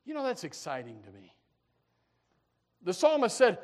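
A man preaching a sermon, swinging from quiet asides to loud fervent cries, with many restarts. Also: very high-pitched, wildly swooping pitch, normal speed.

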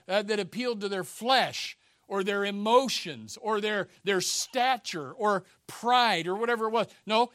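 A male pastor preaching a sermon, emphatic and repetitive, swinging between loud urgent declarations and quieter conversational asides. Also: sits high, dry recording, studio quality. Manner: many fillers and restarts, conversational preaching.

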